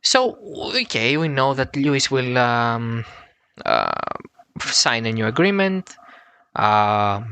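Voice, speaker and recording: Hesitant podcast host. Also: male voice, medium pitch, slow, clean tone. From Greece. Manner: hesitant with many "uh" and "um", jumps to excited exclamations. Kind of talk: casual podcast chat.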